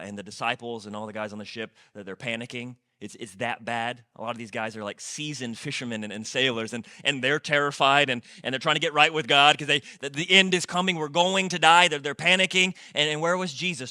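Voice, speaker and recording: Bright-voiced preaching man, dry sound. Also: on the high side, no room sound. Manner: emphatic, repeats phrases with rising and falling intensity; restarts and stumbles on words. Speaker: lead pastor. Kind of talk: sermon.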